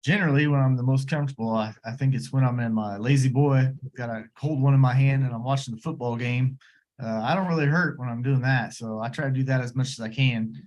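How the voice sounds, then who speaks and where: A man's voice: mid-range voice, fast, darkish tone, close to an everyday voice, low-quality recording. A man playing an easygoing, beer-loving grandpa with back pain, rambling with a put-on accent. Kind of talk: role-play of a patient's spoken history.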